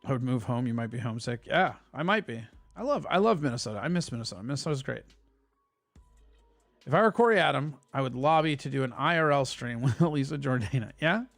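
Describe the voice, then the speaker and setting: A man's voice: mid-range voice, expressive, quick pace, creaky, a bit bright, soft background music. A man hosting a casual live stream, talking loosely and swearing as he reads and answers chat messages.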